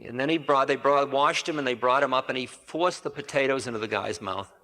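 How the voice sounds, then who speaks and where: A man's voice: mid-range voice, brisk, pushed and bright. Male spiritual teacher telling stories, loose and conversational, mid-range voice, reverberant 1980 hall recording. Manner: rambling, conversational, with self-corrections and asides. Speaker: spiritual teacher giving a lecture. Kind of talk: storytelling lecture.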